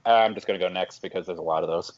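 A man guesting on a podcast, chatting in a relaxed, good-humored way. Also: low voice, very fast, dull audio. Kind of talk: casual chat.

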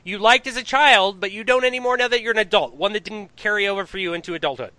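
A man's voice: high voice, fast talker, sharp tone, no echo. A man hosting a podcast in a laid-back, filler-heavy way. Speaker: podcast host. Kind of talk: casual podcast chat.

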